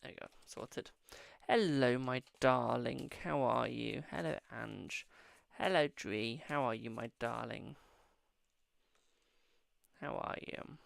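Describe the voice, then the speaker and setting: A man's voice: mid-range voice, slow pace, creaky. A man hosting a casual live-stream tarot reading, chatting affectionately with viewers and calling them "my darling".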